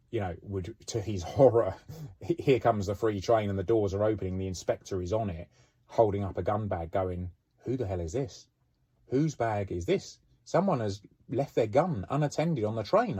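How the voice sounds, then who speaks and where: Low husky man telling stories. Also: warm tone. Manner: chatty, frequent "you know" and "um". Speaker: former police officer telling stories. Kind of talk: casual anecdotal storytelling.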